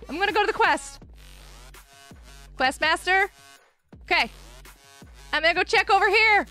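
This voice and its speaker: Super high-pitched lady streamer, bouncy, bright voice, gets hyped fast, some music behind. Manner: excitable, cheers players on, frequent laughs. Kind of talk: live Minecraft stream chat.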